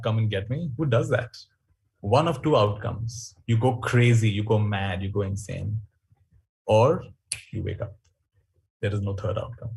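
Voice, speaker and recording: Husky man giving a webinar talk. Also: on the low side. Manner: storytelling, animated and reflective. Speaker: workshop speaker.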